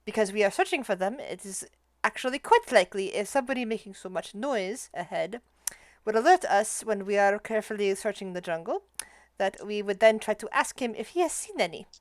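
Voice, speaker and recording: This is a woman playing a tabletop role-playing game, with a smooth, clear voice. She stammers and restarts as she works out her plans. The sound is dry and close. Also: mid-range voice, animated, a little fast, dry recording. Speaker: player. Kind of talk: tabletop game play, in and out of character.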